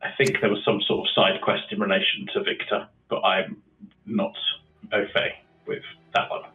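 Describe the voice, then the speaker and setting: A man's voice: lowish voice, flat delivery, moderate pace, faint music behind. A man, a tabletop game player recapping the last session in a hesitant way, full of ums and restarts. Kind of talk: casual chat over a voice call. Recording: tinny phone-like call audio.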